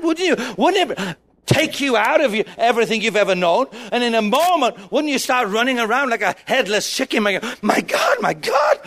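A man preaching a sermon, urging the congregation to shout back, with a playful manner and little acted-out scenes. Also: very high-pitched. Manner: exhorting, calls on the congregation to shout.

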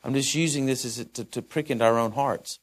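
A man's voice: medium pitch, steady tone, fast talker. A man preaching a sermon in a conversational way, musing aloud and often correcting himself.

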